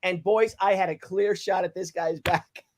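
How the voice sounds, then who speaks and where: Brief: male host, high voice, animated storyteller who acts out yelled lines and laughs a lot. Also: normal speed, slight background noise. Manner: acts out shouted quotes, swears, laughs often. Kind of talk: casual chat, animated storytelling.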